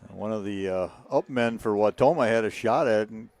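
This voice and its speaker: A man giving relaxed, folksy color commentary on a live radio broadcast of a high school football game. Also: brisk.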